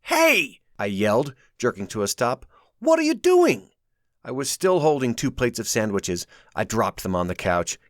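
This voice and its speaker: A man's voice: lowish voice, moderate pace, hardly any pauses, no room sound, clean studio sound. A man reading his own novel aloud in first person, telling the story expressively. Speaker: author narrating his audiobook. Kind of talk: first-person audiobook narration.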